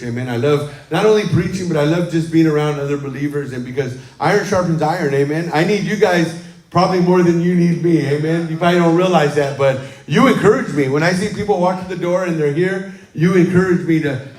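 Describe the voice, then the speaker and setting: A chatty male pastor with a fairly high voice gives a casual sermon to his congregation in a roomy church sanctuary, livestreamed. He tells warm stories, often saying "um" and "amen."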